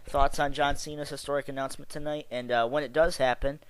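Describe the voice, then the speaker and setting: A man's voice: a little high, steady tone, fast, smooth, no room sound, rough recording. A young man from Chicago giving a rambling, exasperated and sarcastic casual rant about wrestling, full of fillers and restarts. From Chicago area. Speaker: wrestling vlogger.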